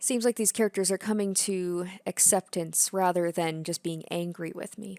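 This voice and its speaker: A woman's voice: on the low side, fairly even intonation, moderate pace, vocal fry, a little mellow, no echo. A woman hosting a let's play, musing chattily as she plays through a game. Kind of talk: casual game commentary.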